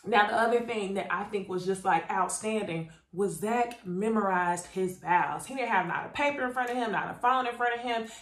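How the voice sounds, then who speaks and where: A woman's voice: mid-range voice, normal speed, few pauses, reverberant. A woman giving a casual, chatty recap of a reality TV episode, talking straight to her viewers. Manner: chatty, animated, addresses viewers as y'all. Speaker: YouTube reality TV reviewer. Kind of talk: casual recap commentary to camera.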